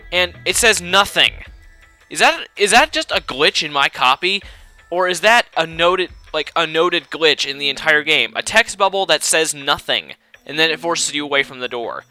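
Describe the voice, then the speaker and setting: A man's voice: fairly high pitch, lively intonation, moderate pace, bright, forceful tone, clear, resonant tone, faint music behind. A man giving casual, rambling commentary over a video game, slightly out of breath. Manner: chatty, rambling, with fillers and asides. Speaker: let's play narrator.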